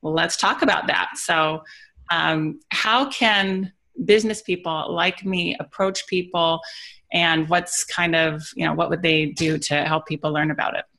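A woman hosting an interview podcast, with a low-pitched voice that has a bright edge and a gravelly fry. She asks questions in an upbeat, affirming way. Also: fairly even intonation, a little slow. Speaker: podcast host.

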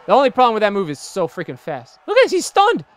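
Young dude narrating his wrestling game, high-pitched and all over the place, goofy and hyped. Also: quick pace, slight background noise. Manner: excitable, jokey, laughs often. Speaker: gaming channel host. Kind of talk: let's play commentary.

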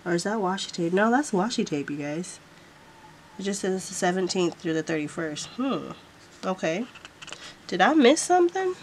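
A woman's voice: lowish voice, moderate pace, a little hiss or hum. A woman vlogger showing off planner stickers in a casual haul, gushing and repeating how cute everything is.

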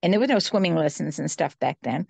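An older woman telling a personal story as an interview guest, earnest and unhurried, with small restarts. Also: sits low, lively intonation, creaky, a little mellow, slightly rough, dry recording.

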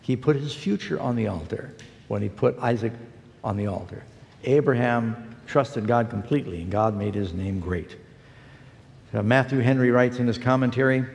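A man's voice: mid-range voice, moderate pace, gravelly, darkish tone, long reverb tail. A man preaching a broadcast sermon, telling stories in a folksy, emphatic way.

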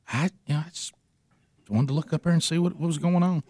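A radio host in his 40s tells a comic story on a talk show, acting out the voices of the people in it with animated flair. His voice sits fairly high and moves fairly quickly, captured in a dry, studio-quality recording.

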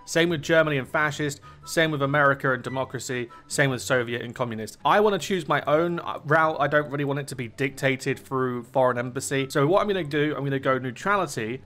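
A young man giving casual strategy game commentary, chatty and thinking aloud as he plays, often easily excited. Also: mid-range voice. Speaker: gaming YouTuber.

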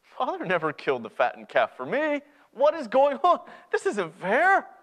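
A man's voice: medium pitch, sing-song, normal speed, lightly acted. A man playing a resentful older brother as he retells a parable in a sermon, with indignant, accusing outbursts. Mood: aggrieved. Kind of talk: sermon storytelling.

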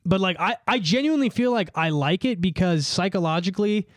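A man's voice: sits high, fairly quick, dry recording. A young man co-hosting a casual comedy podcast, rambling through stories, laughing often and mimicking people in silly voices. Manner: rambling storyteller, laughs a lot, mimics cops in dorky voices. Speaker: podcast co-host.

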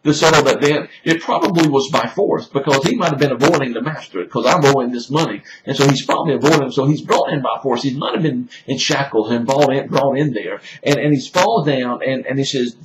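Man, pastor, stop-start teaching with lots of fillers, roomy echo, noisy recording. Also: mid-range voice. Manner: halting, repeats words, many fillers. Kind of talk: informal Bible-study teaching. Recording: echoey room with loud noise.

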